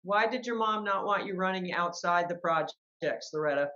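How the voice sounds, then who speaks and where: A woman's voice: lowish voice, moderate pace, pushed and bright. Enthusiastic woman host, lo-fi sound. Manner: enthusiastic, encouraging questions. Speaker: podcast host. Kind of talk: casual interview.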